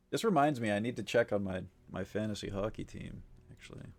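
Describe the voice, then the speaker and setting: A man's voice: on the low side, fairly quick, creaky, slight background noise. A man streaming live, chatting casually with viewers in a rambling way, full of fillers, frequent swearing and easy laughs. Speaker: livestreamer.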